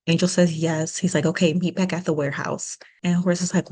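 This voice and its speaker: A woman's voice: lowish voice, creaky, a little mellow. A young woman co-hosting a podcast, casually recapping a show and acting out bits of dialogue with lots of "like". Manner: retells scenes with quick quoted voices, lots of "like". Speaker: podcast co-host.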